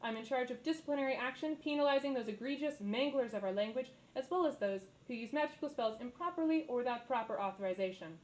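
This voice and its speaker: A woman's voice: fairly high pitch, quick pace, hardly any pauses, close to an everyday voice, poor audio. A woman voicing a prim, self-important tiefling official who talks down to her intern in a pompous, clipped way.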